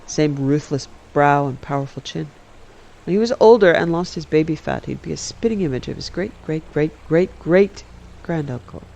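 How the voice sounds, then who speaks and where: Relaxed man reading a story aloud. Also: a little high, moderate pace, gravelly. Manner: relaxed, self-correcting. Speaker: game streamer reading an in-game book. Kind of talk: casual read-aloud narration.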